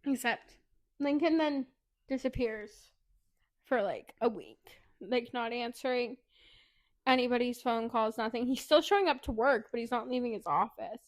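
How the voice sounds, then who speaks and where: Podcast co-host, woman, higher voice, quick sweary recap style. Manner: fast, animated retelling with swearing. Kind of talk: casual book recap.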